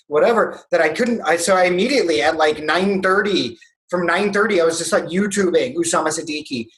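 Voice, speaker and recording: High-voiced young man laughing a lot. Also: fairly quick, fairly bright tone, low-quality recording. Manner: laughs often, crude and playful. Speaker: podcast co-host. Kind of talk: casual comedy podcast banter.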